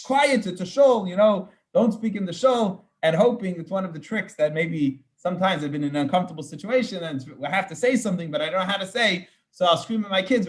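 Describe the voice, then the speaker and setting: A man's voice: high-pitched, a bit bright. A man, a rabbi, teaching an informal Torah class, explaining verses with Hebrew terms and frequent restarts.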